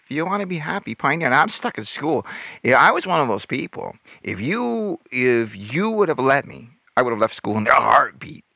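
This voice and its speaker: Guy telling his story, bright gravelly voice, lots of up and down. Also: medium pitch, normal speed, no room sound, muffled recording. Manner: animated storytelling, acts out quotes. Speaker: ex-Witness channel host. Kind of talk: personal testimony monologue.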